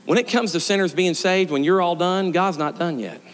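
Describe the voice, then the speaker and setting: A middle-aged male pastor preaching a storytelling sermon, swinging from shouted peaks to quiet, joking asides. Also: sits high, fairly quick. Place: church sanctuary. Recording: long church reverb.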